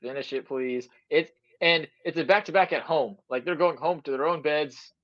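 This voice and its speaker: A man co-hosting a sports podcast, chiming in casually with brisk comments. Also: fairly high pitch, dry recording. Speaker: podcast co-host. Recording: dull, dry sound.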